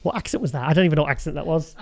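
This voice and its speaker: Male host, higher pitch, loose rambling chat with frequent laughs. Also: very fast, vocal fry. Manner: chatty, rambling, laughs often. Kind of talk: casual show commentary.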